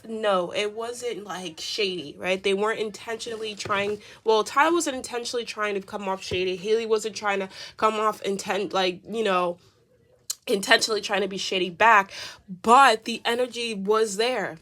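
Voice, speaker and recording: A woman's voice: medium pitch, a bit bright. A woman doing a casual tarot reading, talking in a chatty, rambling way with many fillers. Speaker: tarot reader.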